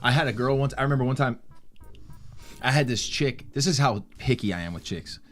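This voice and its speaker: A man's voice: medium pitch, lively intonation, brisk, a bit bright, soft background music. A man co-hosting a podcast, telling an anecdote in casual chat and laughing along. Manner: laid-back, laughs while telling anecdotes. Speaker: podcast co-host.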